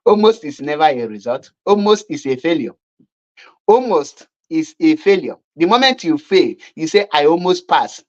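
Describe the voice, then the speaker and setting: A woman's voice: sits low, expressive, normal speed, darkish tone, muffled recording. A woman with a Nigerian accent giving mocking online commentary, scornful and repetitive. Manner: scornful, repetitive, laughing at her opponents.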